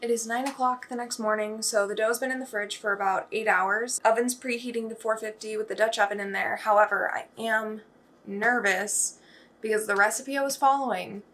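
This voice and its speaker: A woman's voice: fairly high pitch, moderate pace. A young woman in her home kitchen, chatting casually and self-deprecatingly as she narrates her baking vlog. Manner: chatty and self-deprecating, bursting into excited squeals. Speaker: vlogger.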